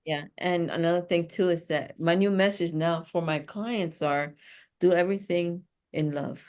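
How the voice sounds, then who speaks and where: Low-pitched female host, casual and upbeat, quick to laugh. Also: darkish tone. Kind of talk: casual chat.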